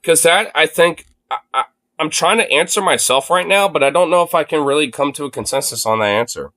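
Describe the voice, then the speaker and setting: Animated high-voiced young male streamer. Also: fairly quick. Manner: incredulous, exclaiming, swears a lot. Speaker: streamer reacting to a video. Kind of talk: casual live-stream reaction.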